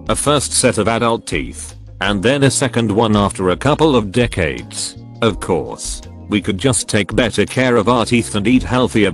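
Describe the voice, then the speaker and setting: A man narrating online posts in a flat, evenly paced scripted read. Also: lowish voice. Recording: faint music behind.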